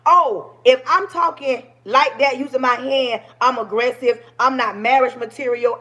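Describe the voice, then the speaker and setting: A woman's voice: high voice, normal speed, pushed and bright. A woman in her forties on a livestream, talking passionately and preachily to her viewers. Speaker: livestream host. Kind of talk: livestream talk.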